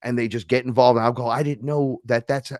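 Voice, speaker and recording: A man from New York, a podcast guest, telling stories in a casual, animated way, swearing and acting out the dialogue. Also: mid-range voice, brisk, no echo, studio quality. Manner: animated, profane, acts out quoted dialogue. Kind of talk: casual storytelling conversation.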